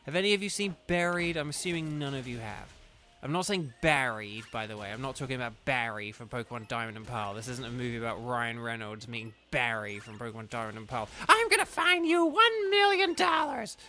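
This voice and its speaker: A man's voice: medium pitch, steady tone, fast, bright, forceful tone, faint music behind. A young man from southern England with a southern English accent, chatting casually and rambling on a game livestream, leaning heavily on "like". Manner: rambling, chatty, heavy use of "like". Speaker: game streamer.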